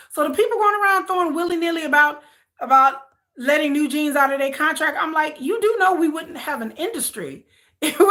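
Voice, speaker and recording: Bright-voiced woman chatting on a stream. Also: a little high. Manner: rambling, repeats herself, reads out viewer comments. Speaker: vlogger. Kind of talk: casual livestream chat.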